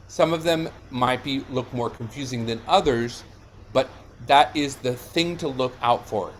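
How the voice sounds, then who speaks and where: Slow, explaining male diction coach. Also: mid-range voice, slight background noise. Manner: explanatory, checks in with "yeah?" and "right?". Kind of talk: online lesson.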